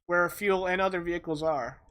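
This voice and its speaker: A man's voice: sits high, brisk, pushed and bright. A man running a tabletop game as game master, laid-back and teasing.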